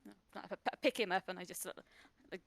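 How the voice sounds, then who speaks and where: A woman playing a tabletop role-playing game, animated and slipping into character voices as she chats. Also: fairly low pitch, fast talker, gravelly, no room sound. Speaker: player.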